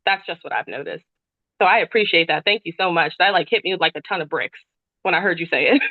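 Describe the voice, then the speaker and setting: A woman's voice: fairly low pitch, fast, no echo, narrow, tinny audio. A woman on a group call sharing what she learned in an earnest, heartfelt way. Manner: earnest and heartfelt, with some restarts. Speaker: call participant.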